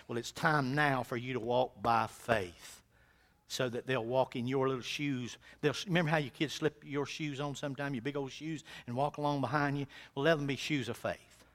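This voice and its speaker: A male pastor preaching a sermon in a church, with folksy phrasing, swinging from hushed asides to loud, fervent calls. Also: medium pitch, fairly even intonation, normal speed. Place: church sanctuary.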